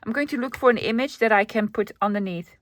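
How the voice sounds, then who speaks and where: A Dutch woman with a Dutch accent, a native Dutch speaker chatting casually as she narrates her crafting, often dropping into a soft whisper. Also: a little high, fast talker, no echo. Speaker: crafting channel host.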